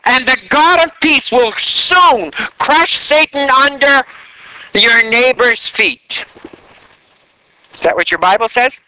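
A man preaching a sermon in an animated way, drawing call-and-response answers from the congregation. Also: extremely high pitch, takes it slowly, smooth, poor audio.

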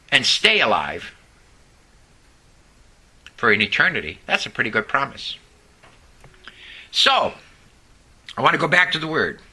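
A man's voice: high-pitched, bright, forceful tone, rough recording. A man preaching a sermon, telling personal stories and drawing responses from the congregation. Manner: storytelling preacher with audience call-and-response. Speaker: pastor.

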